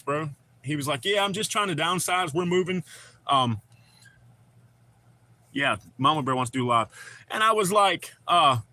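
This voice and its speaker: Guy chatting on a livestream, bright voice, loose rambling slang. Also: mid-range voice. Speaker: livestream host. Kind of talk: casual live chat reading comments.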